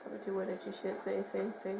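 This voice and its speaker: A woman giving horror game commentary, swearing in rapid repeated bursts and joking while muttering quietly between outbursts. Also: mid-range voice, completely flat delivery, gravelly. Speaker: gamer. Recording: roomy echo, faint hiss.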